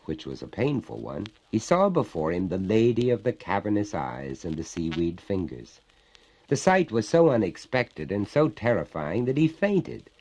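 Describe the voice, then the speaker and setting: A man narrating a storybook tale in a theatrical, wry and measured way. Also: on the low side, a little mellow, slightly rough, poor audio. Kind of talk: dramatic storybook reading.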